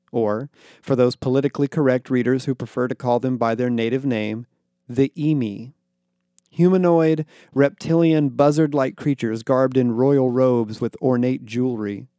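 A man narrating a story in a dry, wry manner, slipping into quick character voices for dialogue. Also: medium pitch, warm tone, no echo. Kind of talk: audiobook-style fiction narration.

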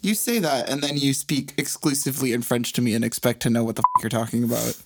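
A man's voice: medium pitch, fast talker, heavy background noise. A man in his twenties who works as a voice actor, co-hosting a podcast in teasing, laughing casual chat. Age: 20s. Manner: teasing, laughing, animated banter.

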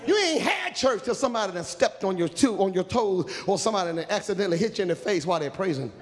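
Preacher, comic storyteller, high gravelly voice, long church reverb. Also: male voice, fast talker. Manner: animated, humorous, shouting preacher. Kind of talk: storytelling sermon. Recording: echoey church hall.

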